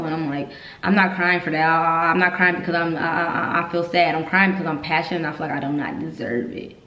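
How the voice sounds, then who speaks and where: A woman recounts her own story in a candid, heartfelt rush. Her voice sits on the low side and the room around her rings with echo. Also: fairly even intonation, a little fast, dull audio. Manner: emotional, candid, repeats herself when upset. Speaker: vlogger telling her army story. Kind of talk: casual storytelling vlog. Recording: echoey room.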